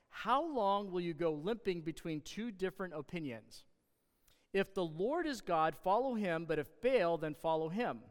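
A man preaches and reads scripture in a somewhat high, smooth and resonant voice. His delivery is animated, with sarcastic asides and loud bursts of emphasis. The sound carries a long reverb, as in a large hall. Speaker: pastor. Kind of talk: sermon with scripture reading.

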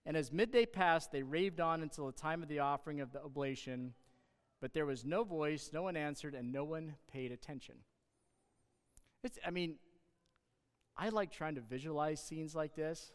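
A man preaching a sermon, reading scripture aloud and breaking off into sarcastic, animated asides that rise to loud emphasis. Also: a little high, moderate pace, clear, resonant tone. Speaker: pastor. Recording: reverberant hall.

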